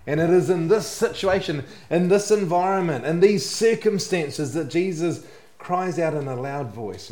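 A man delivers a sermon with earnest conviction, his voice sitting slightly higher than most men's. He lets the ends of his phrases sink low and quiet. The sound is roomy, with a clear echo around him. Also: expressive, measured pace. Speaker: pastor.

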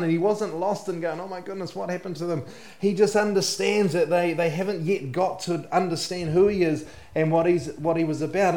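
Earnest man preaching in an echoey room. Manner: earnest, drops to soft low tones at phrase ends. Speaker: pastor. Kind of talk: sermon.

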